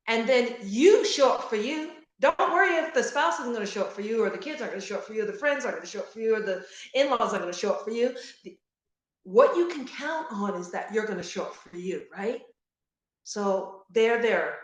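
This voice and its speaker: A middle-aged woman giving an earnest, animated motivational talk to grieving parents, repeating key phrases for emphasis. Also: a little high, brisk, reverberant. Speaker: guest speaker on grief support.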